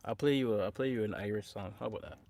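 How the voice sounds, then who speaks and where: A singer-songwriter streaming live chats casually and jokingly with his viewers in a fairly low voice, talking at a racing pace. His speech is full of hesitations and fillers, with guitar playing behind him.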